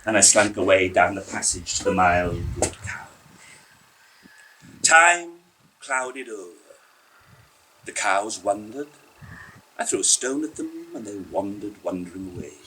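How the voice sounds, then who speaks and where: A man performing a story for a live audience, rhythmic and expressive, savouring every word. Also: lowish voice, unhurried, long pauses, recorded from a distance, a little hiss or hum, rough recording. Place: indoor evening storytelling event.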